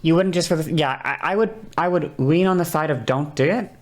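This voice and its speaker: A woman's voice: deep voice, a little fast. A woman streamer chatting casually and rambling, laughing often and correcting herself mid-sentence. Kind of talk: casual livestream chat.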